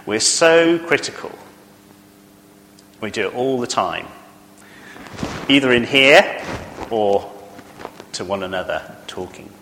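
Bright-voiced preacher in an echoing church. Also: male voice, medium pitch, expressive, takes it slowly, pauses often, a little hiss or hum. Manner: earnest, conversational, asks the congregation questions. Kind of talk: sermon.

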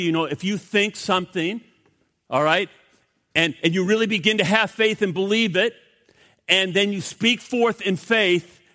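Animated pastor preaching in a reverberant hall. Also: male voice, a little high. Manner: animated, swings from loud emphasis to hushed. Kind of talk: sermon.

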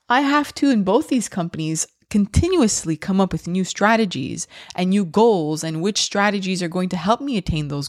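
A woman's voice: on the low side, no echo, studio quality. A woman in her thirties hosting a podcast, speaking candidly and reflectively with frequent ums and restarts. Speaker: podcast host.

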